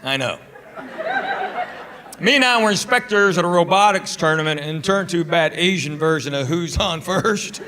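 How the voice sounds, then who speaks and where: A male stand-up comedian telling stories in a deadpan way, acting out both sides of the back-and-forth dialogues. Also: a little high, normal speed, heavy background noise. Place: comedy club stage. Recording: loud audience laughter.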